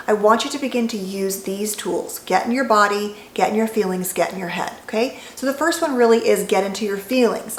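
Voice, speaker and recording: Woman psychologist, mid-pitched, gentle and reassuring delivery, roomy echo with faint noise behind. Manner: calm, gentle, reassuring guidance. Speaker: licensed psychologist. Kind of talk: educational talk to camera.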